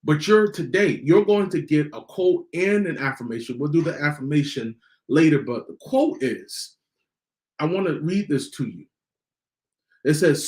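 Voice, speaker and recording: A man hosting a motivational podcast, repeating his key lines slowly for emphasis. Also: fairly high pitch, lively intonation, reverberant. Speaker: podcast host.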